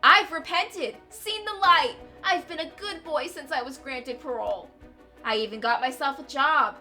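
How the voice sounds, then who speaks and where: A woman's voice: high voice, normal speed, bright, forceful tone, soft background music, pitched above the performer's own voice. A woman voicing a vengeful male ex-convict from a game, taunting and sneering with mock sweetness that turns to snarling threats. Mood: mock-sweet. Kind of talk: reading a game aloud with voices.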